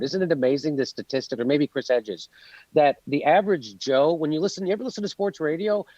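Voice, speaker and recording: A man rants through an interview, sarcastic and full of profanity. His voice sits a bit high. The sound is dry and a little muffled, as if it comes over a remote link. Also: a little mellow, dry recording. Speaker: guest comedian. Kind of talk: animated interview rant.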